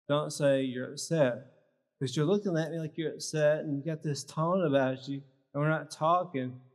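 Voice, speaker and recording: A man giving a live workshop talk at a health symposium, teaching with short, emphatic phrases. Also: fairly high pitch. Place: large church hall. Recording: long reverb of a large hall.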